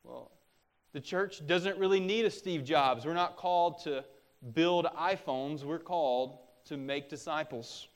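Man, middle-aged, pastor preaching, earnest, exhorting, slightly high voice. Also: measured pace. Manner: earnest, exhorting, with rising intensity on warnings. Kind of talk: sermon.

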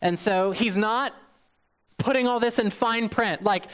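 A man preaching a sermon, acting out hyped quotes and then dropping low and soft for the serious points. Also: a little slow, smooth. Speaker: pastor.

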